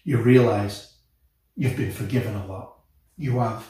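Male pastor, impassioned sermon, swells and drops, far from the mic, booming hall echo. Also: measured pace. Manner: passionate, rising to emotional peaks then dropping soft. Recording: very echoey, from a distance.

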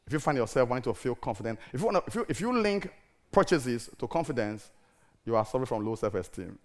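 Speaking fast in a mid-range voice, a middle-aged preacher delivers a theatrical, animated sermon. He peppers the congregation with rhetorical questions.

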